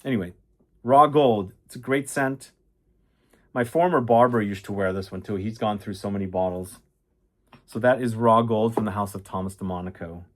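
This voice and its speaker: A man's voice: on the low side, normal speed. A man casually reviewing fragrances, chatty and enthusiastic, rambling with fillers and restarts.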